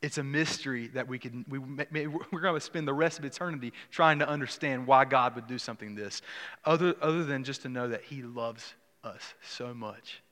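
A man preaching a sermon in a church, earnest, often restarting phrases and dropping soft on key words. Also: medium pitch, brisk, long reverb tail. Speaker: pastor.

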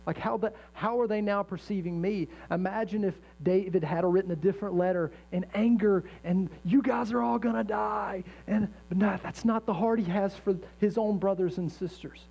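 A man's voice: sits high, fairly even intonation, a little fast, hardly any pauses, mellow. Conversational male pastor preaching a sermon. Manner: conversational, self-correcting, emphatic preaching. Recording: dull lo-fi sound with faint mains hum.

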